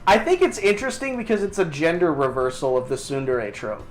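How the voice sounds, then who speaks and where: A man's voice: a little high, lively intonation, a little fast, soft background music. A man co-hosting a podcast, chatting casually with crude, joking banter. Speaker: podcast co-host. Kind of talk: casual chat.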